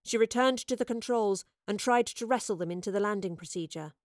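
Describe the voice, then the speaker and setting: A woman narrates a fantasy audiobook with expressive, dramatic delivery. Her voice sits at a middle pitch. The recording is close and completely dry, with no room sound. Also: brisk, no echo.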